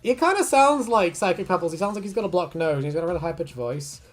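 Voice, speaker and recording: A woman's voice: on the low side, lively intonation, quick pace, faint music behind. A woman streaming her art, chatting casually, swearing freely and laughing a lot as she rambles through stories. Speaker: artist streamer.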